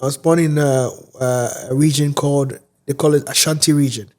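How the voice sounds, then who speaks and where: A man speaks as an interview guest, his voice sitting a bit high for a man. He takes his time, filling pauses with "uh" and "um" as he explains. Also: fairly even intonation, darkish tone. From Ghana. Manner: unhurried, pauses often with fillers. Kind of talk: casual interview chat.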